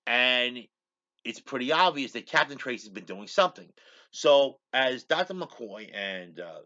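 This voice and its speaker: Guy rambling thru an episode recap, bright tense voice, kinda dull lo-fi sound. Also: mid-range voice, lively intonation, a little slow. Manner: rambling, repeats "he goes" constantly. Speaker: show host.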